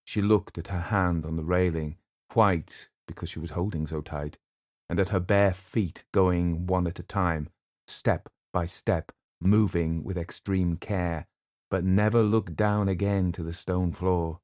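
In this scripted audiobook narration, a man with a low voice tells a novel's story at a steady, measured pace. The studio sound is clean, without any room sound.

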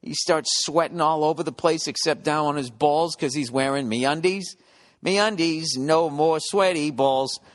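A man's voice: a little high, a little slow. A middle-aged man hosting his podcast from home in a casual monologue, ranting with profane, sarcastic asides. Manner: profane, sarcastic ranting with mocking put-on voices. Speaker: podcast host. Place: home, construction noise below.

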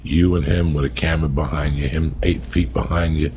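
A man's voice: rumbling low, fairly even intonation, a little fast, a little mellow, slight background noise. A middle-aged man, a podcast guest, telling profane rambling stories in casual comedic chat.

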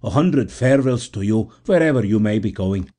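Mellow-voiced male audiobook narrator. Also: fairly low pitch, animated, moderate pace. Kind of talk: scripted narration.

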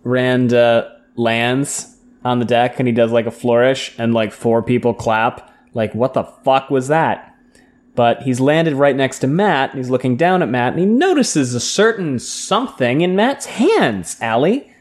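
A woman's voice: rumbling low, a little slow, darkish tone. A woman co-hosting a casual podcast, retelling book scenes and slipping into playful voices for the characters. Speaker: podcast co-host. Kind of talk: casual book recap chat.

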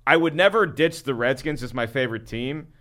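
A man's voice: mid-range voice, expressive, brisk, fairly bright tone. A man co-hosting a loose podcast conversation. His voice sits mid-range, and he talks earnestly, restarting his sentences as he works through a point. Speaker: podcast co-host. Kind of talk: casual chat.

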